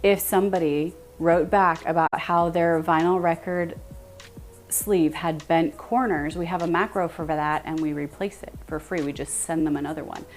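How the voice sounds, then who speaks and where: A young American woman chatting casually with her viewers on a live stream, animated and quick to laugh. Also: low-pitched, soft background music.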